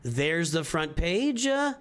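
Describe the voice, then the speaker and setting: A man with a smooth, fairly bright voice on the high side speaks slowly, his pitch swinging widely. Live streaming over faint music, he reviews viewers' game rosters in casual commentary, thinking aloud with restarts and repeated phrases.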